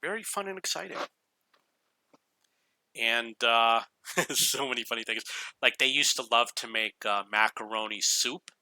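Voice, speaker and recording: A man's voice: mid-range voice, fairly even intonation, a little slow, pushed and bright, clean tone, no room sound. A man telling a rambling personal story in a casual way over gameplay, chuckling now and then. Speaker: gaming YouTuber.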